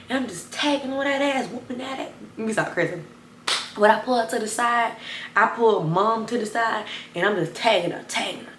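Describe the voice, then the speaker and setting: A young woman telling a wild personal story to camera, animated and chatty, talking straight to her viewers. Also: roomy sound, slight background noise. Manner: animated, addresses viewers as y'all, bursts of high excited retelling. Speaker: storytime vlogger.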